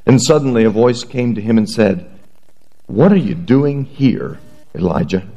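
A man preaching a sermon, reading scripture aloud in a measured, earnest way before praying and beginning his message. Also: medium pitch, expressive, warm tone, highs cut off. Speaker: pastor.

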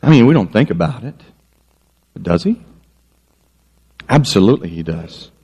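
A man's voice: lowish voice, moderate pace, breathy edge. A male pastor preaching a sermon, telling stories and joking at his own expense before a congregation. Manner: animated storytelling with self-mocking jokes.

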